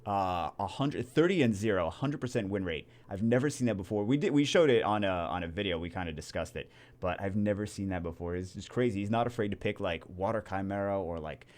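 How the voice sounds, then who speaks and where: A man giving casual game commentary as a YouTuber, rambling and excitable with many restarts. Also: on the low side, a little fast. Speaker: gaming YouTuber.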